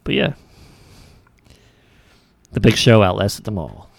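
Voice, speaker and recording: A man co-hosting a casual wrestling podcast, talking in a relaxed, halting way. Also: on the low side, vocal fry, no echo. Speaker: podcast co-host.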